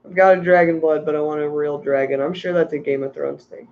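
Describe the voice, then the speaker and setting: A man's voice: a little high, steady tone, brisk, phone-quality sound. A tired man hosting a casual livestream about aquarium fish, rambling and ranting while reading out chat messages. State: tired from little sleep.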